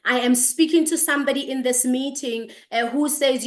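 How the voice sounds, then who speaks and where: An energetic woman hosts an online business presentation over a video call. Her voice sits slightly high, and she greets attendees one after another before moving into her pitch. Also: fairly quick, hardly any pauses. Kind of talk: upbeat online meeting presentation.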